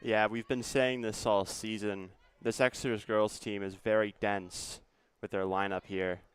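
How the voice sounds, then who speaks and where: A young man giving color commentary on a student soccer broadcast, speaking in an unhurried way with frequent fillers. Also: fairly low pitch, level tone, smooth. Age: young adult.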